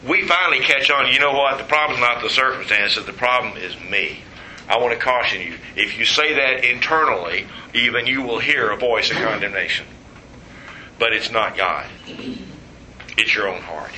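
Bright-voiced male preacher, echoey room. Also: medium pitch, normal speed, slight background noise. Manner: animated storytelling, quoting voices. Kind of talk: sermon with humor.

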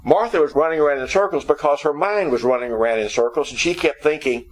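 A man's voice: on the high side, fast talker, rough recording. A man preaching a sermon who explains scripture through humorous storytelling.

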